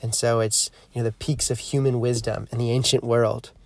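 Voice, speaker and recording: A man gives a reflective spiritual teaching on his podcast with a gravelly edge to his voice. His pitch sits in an ordinary middle range. He sounds earnest and measured, easing the pace whenever he wants a point to land, and the sound is dry with no room around it. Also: level tone, no room sound. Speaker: podcast host.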